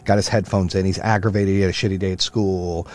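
A man's voice: level tone, quick pace. Profane, fired-up male podcast host. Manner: profane, fired-up motivational ranting; swings from loud rants to low, quieter storytelling. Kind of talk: casual monologue.

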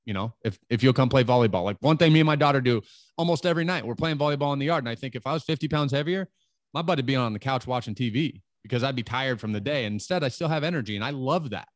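Man, 30s, podcast host, earnest, rambling, mid pitch, dry close sound. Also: quick pace, no room sound. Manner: earnest, rambling, full of "like" fillers. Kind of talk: casual interview chat.

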